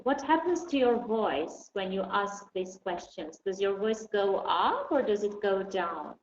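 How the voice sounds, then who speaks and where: Teaching an online English class, a woman asks her students questions and patiently encourages them. Her mid-range voice has lively intonation and a measured pace, though the recording sounds dull and roomy with faint noise.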